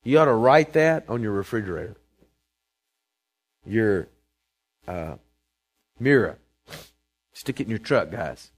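A man, preaching a sermon to his congregation, emphatic and calling for responses, swinging between loud proclamations and quiet asides. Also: fairly low pitch, expressive, slow, long pauses. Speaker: pastor. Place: church sanctuary before a congregation.

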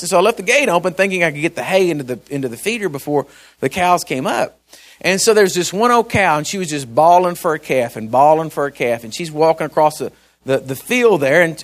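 A man's voice: fairly high pitch, a bit bright. A middle-aged man preaching a sermon, folksy and emphatic, often repeating words as he tells a story. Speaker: pastor.

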